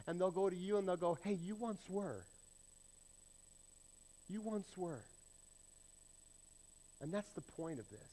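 A male pastor preaching a sermon, emphatic and swinging between loud declarations and hushed asides. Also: on the high side, poor audio.

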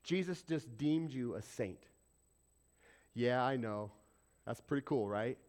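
A man preaching a sermon as pastor, animated and conversational, often putting questions to the congregation. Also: mid-range voice, slow pace.

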